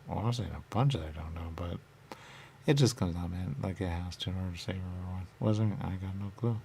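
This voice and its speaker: Low gravelly man musing to himself. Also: fast talker, warm tone, a little hiss or hum. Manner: circular, repetitive musing with sudden whispers. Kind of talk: rambling self-dialogue, asking and answering himself.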